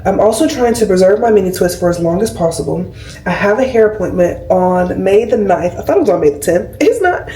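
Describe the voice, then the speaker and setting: A woman's voice: mid-range voice, brisk. Chatty young woman vlogging at home. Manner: chatty, animated storytelling with lots of fillers. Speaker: nurse and vlogger. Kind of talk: casual vlog chat. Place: indoors at home, doing her hair. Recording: roomy and a bit distant.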